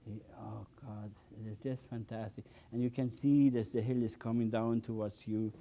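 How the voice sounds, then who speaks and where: An older painting instructor demonstrates oil painting with a palette knife. His voice is slightly low and dark, with fairly even intonation at a normal speed, and he talks in enthusiastic bursts, repeating words, exclaiming over the results, and using non-native phrasing.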